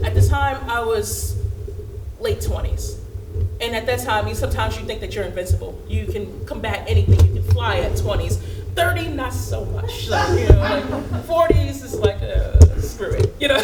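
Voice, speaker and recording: A woman's voice: on the high side, expressive, moderate pace, echoey room, distant mic, very noisy. A woman in her thirties telling a candid, humorous personal story and acting out the dialogue.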